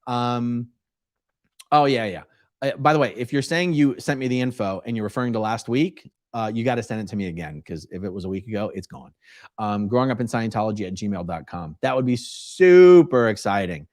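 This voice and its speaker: Brief: male live-stream host, mid-pitched, talkative, reading chat questions, dry close-miked sound. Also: expressive, a little fast, darkish tone, dry recording. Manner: conversational, reads chat questions aloud and answers at length. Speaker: host answering viewer questions.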